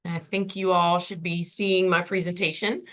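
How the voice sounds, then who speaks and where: A woman's voice: fairly low pitch, flat delivery, normal speed. A woman in her forties, losing her voice, giving a friendly, chatty conference presentation over a video call. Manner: friendly, chatty, many ums.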